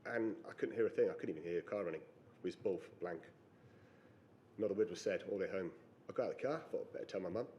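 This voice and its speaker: A middle-aged man giving personal testimony on a panel, halting and reflective with pauses and fillers. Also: sits low, warm tone, a little hiss or hum. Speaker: panel witness.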